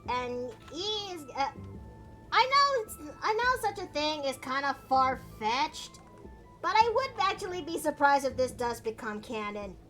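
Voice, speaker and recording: A high-pitched woman chatting casually on an art stream. She giggles often and rambles, restarting her sentences. Faint music plays beneath her voice. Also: sing-song, unhurried, pushed and bright. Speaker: streamer and artist.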